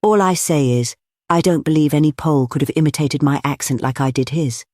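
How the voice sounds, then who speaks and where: A cheeky Cockney detective, as a man puts him on, offhand and unbothered even when caught. His voice comes a touch louder and plainer than the narration, in a dry, close recording. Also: fairly high pitch, fairly quick, dry recording, lightly acted. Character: cool cockney male detective in disguise.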